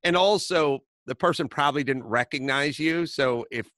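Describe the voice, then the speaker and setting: Podcast host, middle-aged man, bright forceful voice, dry close sound, storytelling rants. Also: a little high, dry recording. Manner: storytelling, rants in quick bursts. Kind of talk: casual chat.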